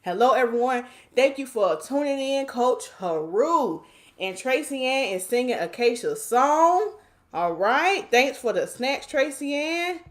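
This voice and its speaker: A woman from North Carolina, hosting a live stream and reading viewer comments aloud in a chatty, playful way. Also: a little high.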